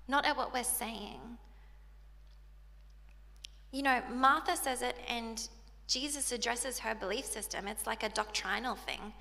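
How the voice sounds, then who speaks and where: High, bright-voiced woman preaching. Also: creaky. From South Africa. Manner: emotional, voice breaking into tears. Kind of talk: sermon, reading scripture aloud. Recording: long hall reverb.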